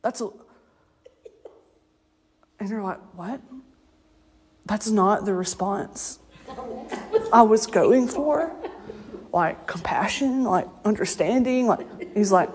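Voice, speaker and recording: A woman's voice: medium pitch, slow pace, long pauses, darkish tone, slight background noise. A woman preaching a casual, story-filled sermon. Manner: conversational storytelling, laughs often. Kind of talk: informal sermon.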